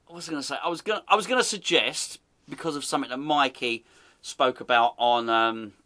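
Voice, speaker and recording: A man's voice: mid-range voice, fairly quick, sharp tone. A man hosting a casual comedic football podcast, teasing and laughing as he talks. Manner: amused, teasing, laughs often, chatty. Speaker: podcast host.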